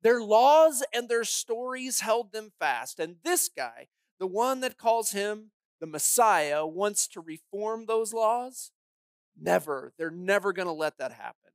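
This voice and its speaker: A woman's voice: mid-range voice, expressive, takes it slowly, no room sound. A woman pastor preaching a sermon, telling the story dramatically and emphatically with pointed rhetorical questions.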